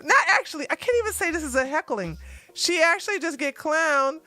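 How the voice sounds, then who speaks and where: A woman's voice: high-pitched, lively intonation, fairly quick, sharp tone, no echo. A woman hosting her own news commentary vlog, talking casually and animatedly to her viewers and laughing often.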